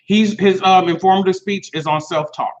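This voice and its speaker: Male educator, fairly high voice, lively storyteller, muffled lo-fi recording. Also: moderate pace. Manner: animated, slips into quoted voices of students. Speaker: teacher and speech coach. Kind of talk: casual podcast chat.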